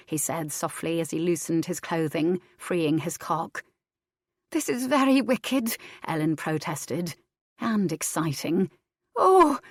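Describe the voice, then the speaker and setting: Low-voiced woman reading a novel. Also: dry recording, studio quality. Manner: steady, even reading. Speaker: audiobook narrator. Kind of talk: scripted narration.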